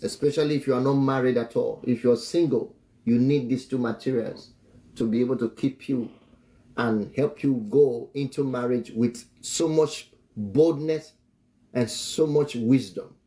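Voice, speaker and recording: Slow-talking man giving a preachy live-stream talk. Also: mid-range voice, fairly even intonation, dark tone. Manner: preachy, chuckles often, repeats phrases. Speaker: relationship teacher and author.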